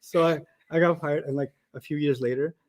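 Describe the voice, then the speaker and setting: A man with a fairly high voice teaches a class in a casual, chatty way. He acts out the people in his stories and keeps asking students to answer. Typing is heard now and then in the background. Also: brisk. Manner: animated storyteller who acts out quoted people; asks students questions and checks their answers. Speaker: Arabic teacher. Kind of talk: casual storytelling and live teaching.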